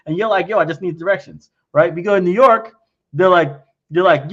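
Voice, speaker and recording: A man with a high-pitched, slightly bright voice talks fairly quickly as he takes investor questions in a relaxed livestream, with the highs in the audio cut off. Blunt and frank, he frequently plays out both sides of quoted exchanges.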